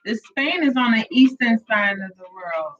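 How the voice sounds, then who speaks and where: A co-host of a live reading stream who speaks calmly and in spiritual sayings. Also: medium pitch, normal speed, muffled recording. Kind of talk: casual live stream chat.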